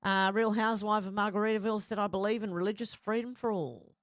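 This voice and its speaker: A woman's voice: medium pitch, steady tone, fast talker, dry recording, studio quality. A middle-aged woman hosting a casual live chat, reading viewer comments aloud and reacting with frequent laughs. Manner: chatty, laughs often, reads comments aloud.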